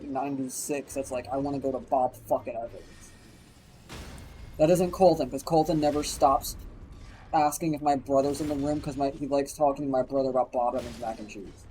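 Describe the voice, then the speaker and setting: A man's voice: a little high, poor audio. Guy streaming, cussing nonstop through a goofy story, faint noise behind. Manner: profane, animated anecdote telling. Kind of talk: casual storytelling.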